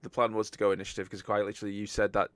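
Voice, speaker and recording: A man's voice: fairly low pitch, flat delivery, rapid-fire, a bit bright, no echo. A man narrating a tabletop game as game master over an online voice call, joking and laughing easily. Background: faint battle music.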